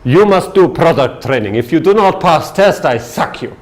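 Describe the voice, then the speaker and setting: A man's voice: on the high side, expressive, moderate pace, pitched above the performer's own voice, close to an everyday voice. A man putting on a stern Russian sales boss.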